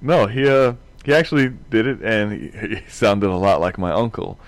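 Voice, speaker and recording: A man's voice: on the low side, animated, normal speed, no echo. Chuckling man telling rambling stories. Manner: rambling anecdotes, chuckling often. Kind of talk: casual chat.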